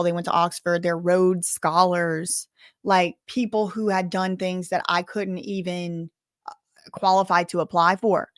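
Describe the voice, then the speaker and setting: A woman YouTuber with a softened Southern accent, telling her story to camera in a candid, emphatic way and repeating words for stress. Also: fairly low pitch, no room sound, studio quality. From US South, bayou country.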